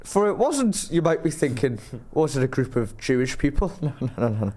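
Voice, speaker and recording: A man's voice: mid-range voice, sing-song, a little fast, dark tone. A young man, rambling through a self-mocking story as a podcast co-host. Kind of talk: casual storytelling chat.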